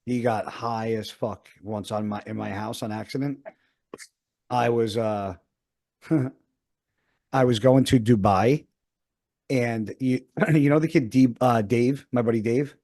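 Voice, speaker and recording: A man's voice: medium pitch, steady tone, slow pace, long pauses, darkish tone. A man in his thirties, a podcast host, telling a rambling story in casual chat and swearing often.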